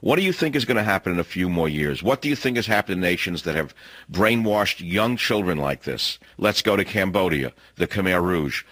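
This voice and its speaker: A man's voice: deep voice, lively intonation, fairly quick, a bit bright, no echo. Emphatic male talk radio host, dry. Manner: emphatic, hammering repetition and rhetorical questions. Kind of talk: opinionated radio monologue. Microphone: studio microphone.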